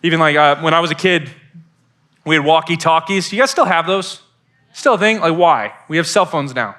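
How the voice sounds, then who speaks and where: A man in his thirties giving a youth sermon, telling stories in a lively way and acting out voices on the phone. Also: fairly high pitch, moderate pace. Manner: animated storytelling with acted-out phone voices. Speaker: youth pastor.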